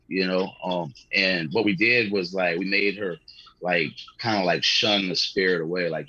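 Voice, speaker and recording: Male comedian guest, husky low voice, loose slangy storyteller. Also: steady tone, normal speed, bright, forceful tone, no room sound, muffled recording. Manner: rambling, slangy, swears, laughs often. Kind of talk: casual podcast storytelling.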